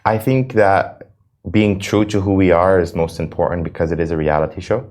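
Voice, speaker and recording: An American man, a guest in an emotional interview, speaks earnestly and with passion, often restarting his sentences. His voice sits low and darkish, with a steady tone and moderate pace.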